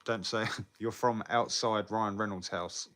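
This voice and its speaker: Bright-toned British man rambling casually. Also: lowish voice, fairly even intonation, a little slow. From Britain. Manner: rambling, swears often, laughs between lines. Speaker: live streamer. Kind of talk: casual live chat reading viewer comments.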